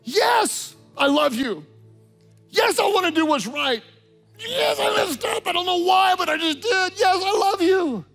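A man's voice: very high-pitched, animated, unhurried, creaky, a bit bright, faint music behind, voice pushed up, exaggerated voice. A man preacher voicing a remorseful adult apostle who earnestly pleads his love. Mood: pleading.

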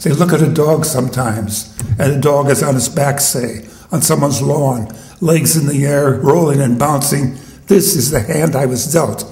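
A man's voice: mid-range voice, normal speed, darkish tone, reverberant, lightly acted. A man voicing a streetwise talking dog in a poem, blunt and wry, recorded at a live poetry reading.

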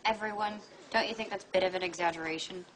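A woman's voice: medium pitch, fairly even intonation, quick pace, fairly bright tone, natural voice. An actress playing a sarcastic teenage girl in a sitcom, dry and cutting. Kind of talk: sitcom acting. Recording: noisy TV soundtrack.

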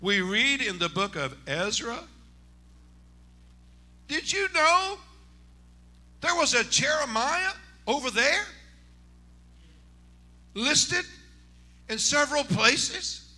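A pastor with an unusually high, sharp voice preaches in a church sanctuary. He drops to quiet, confiding talk, then climbs to shouted exclamations, in the rhythm of a Pentecostal sermon. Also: sing-song, slow, pauses often. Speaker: senior pastor.

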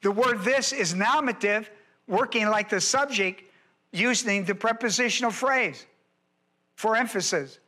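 A man's voice: sits high, bright, forceful tone. A male pastor preaching an expository sermon, emphatic and repeating his key words.

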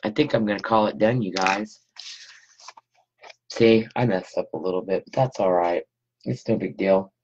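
A woman's voice: very deep voice, moderate pace, pauses often, darkish tone, a little hiss or hum. A woman hosting a casual live scrapbooking stream at home, chatting with viewers while she works. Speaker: scrapbooking host. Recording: dull lo-fi sound.

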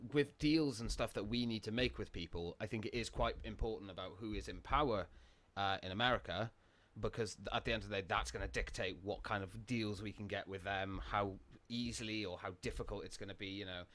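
Rambling British podcast host. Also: male voice, fairly low pitch, fairly quick, few pauses, a bit bright. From United Kingdom. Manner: rambling, goes off on tangents, laughs often. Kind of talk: casual chat.

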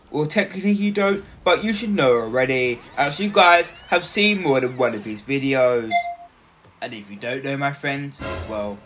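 Give me a man playing a robotic male sports announcer calling a match in a monotone, with music behind. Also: mid-range voice, close to an everyday voice. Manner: monotone, formal commentary phrasing. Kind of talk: mock sports commentary.

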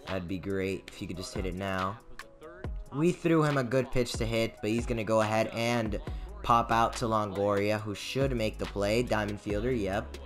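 A young man giving casual commentary over his own baseball video game, swinging between muttered asides and loud outbursts. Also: on the low side. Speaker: gaming YouTuber.

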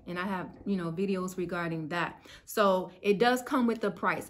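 Earnest, chatty woman teaching faith. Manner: earnest, chatty, slangy, rises higher when excited. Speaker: spiritual YouTuber. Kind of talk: casual faith teaching to camera.

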